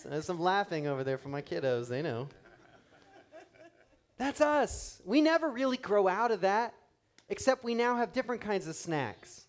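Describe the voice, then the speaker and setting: A male pastor in his thirties preaches with a high, lively voice that climbs and dips through each phrase. He talks animatedly, acting out the people he quotes, and drops between loud and hushed passages. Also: normal speed. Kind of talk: sermon.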